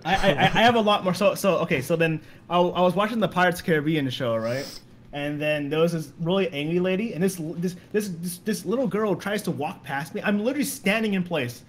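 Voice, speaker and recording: A man's voice: high-pitched, brisk, a little hiss or hum. A young man telling stories in a casual podcast chat, rambling and repeating words as he goes. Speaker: guest.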